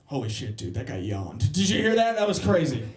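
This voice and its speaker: With a slightly high voice that swings widely in pitch, a man delivers a crude, brash stand-up set full of quick jokes and crowd work. It's recorded with a roomy club feel.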